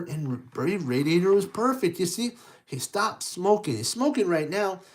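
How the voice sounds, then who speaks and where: A storytime host reading a picture book aloud to children, animated and playful, asking them questions and making train sound effects. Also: medium pitch.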